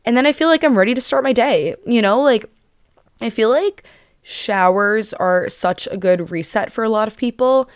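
A woman's voice: on the high side, normal speed, clean tone, no room sound, clean studio sound. Bubbly young woman chatting on her podcast. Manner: bubbly, chatty, many fillers and giggles. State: a little out of breath. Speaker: podcast host. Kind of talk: casual chat.

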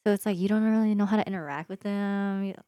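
A young woman co-hosting a podcast speaks fast in a mid-range voice, telling animated stories in casual chat, laughing often and quoting herself. The sound is clean studio audio with no echo.

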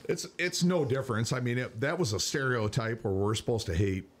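A man's voice: mid-range voice, lively intonation, a little fast. A man co-hosting a podcast in casual chat, ranting with heavy swearing. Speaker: podcast co-host.

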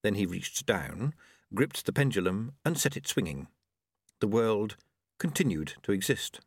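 A man narrating a novel in an expressive storytelling manner. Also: on the low side, measured pace, gravelly, husky, no echo, studio quality. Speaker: audiobook narrator. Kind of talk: scripted narration.

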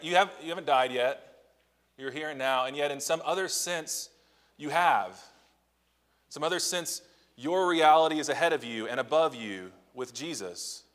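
A man's voice: mid-range voice, a bit bright, long reverb tail. A male pastor delivering a Sunday morning sermon. His tone is conversational rather than formal, peppered with rhetorical questions. He drops his pace on the key lines to let them land. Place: church sanctuary.

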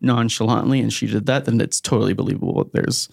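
A man's voice: lowish voice, fast, creaky, darkish tone, no echo, clean studio sound. A man narrating as game master of a tabletop game, chatty and loose with lots of fillers.

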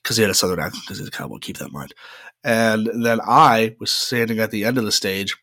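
A man's voice: fairly low pitch, a little fast, bright, forceful tone, dry recording, clean studio sound. A young man hosting a podcast, telling rambling personal stories in a chatty way with lots of "uh" fillers. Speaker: podcast host. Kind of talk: casual solo storytelling.

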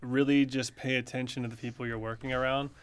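Young man, level monotone delivery, relaxed podcast co-host, advice-giving. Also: mid-range voice, fast talker, clear, resonant tone. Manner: relaxed, conversational, gives advice. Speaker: podcast co-host, medical student. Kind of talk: casual podcast chat.

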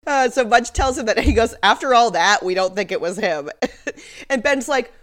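A woman's voice: medium pitch, lively intonation, fairly quick. A woman co-hosting a podcast in casual chat, sarcastic and laughing often. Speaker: podcast co-host.

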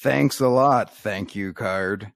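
A man co-hosting a podcast, telling one-liners deadpan and coaxing his co-hosts to laugh. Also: on the low side, takes it slowly, creaky, dry recording, studio quality. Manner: deadpan joke delivery, coaxing laughs with "come on". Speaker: podcast co-host telling jokes. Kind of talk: casual podcast banter.

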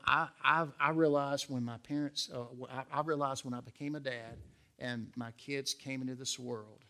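A man's voice: medium pitch, fairly bright tone. A middle-aged pastor preaching an earnest, emphatic sermon in a church, asking his listeners questions. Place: church sanctuary.

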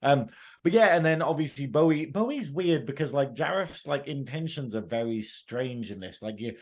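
A man's voice: medium pitch, lively intonation, normal speed. A male podcast co-host giving opinions in casual, chatty film talk, full of fillers and laughter.

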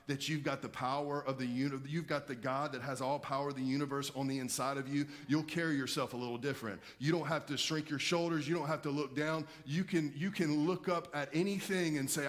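A man's voice: mid-range voice, steady tone, fairly quick, hardly any pauses. A male pastor giving a sermon with emphatic preaching and rhetorical questions to the congregation.

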